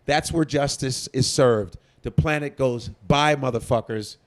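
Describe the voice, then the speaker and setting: A male comedian in a casual interview, ranting in a profane, animated way. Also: mid-range voice, a little slow. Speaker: comedian guest.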